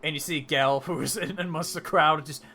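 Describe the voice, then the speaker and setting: A man narrating a tabletop game as dungeon master, halting with many fillers and restarts. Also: fairly high pitch, steady tone, bright, forceful tone.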